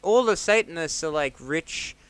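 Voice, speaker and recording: Podcast co-host, male, bright smooth voice, rambling crude banter. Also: on the high side, expressive, normal speed, dry recording. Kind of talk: casual chat.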